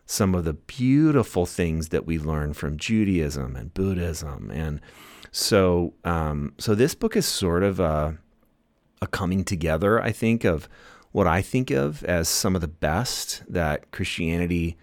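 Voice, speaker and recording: Guest author, male, very deep voice, dry close mic; reflective, chatty, quick to laugh. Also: animated, no room sound. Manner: thoughtful, laughs often, many restarts. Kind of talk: casual conversational interview.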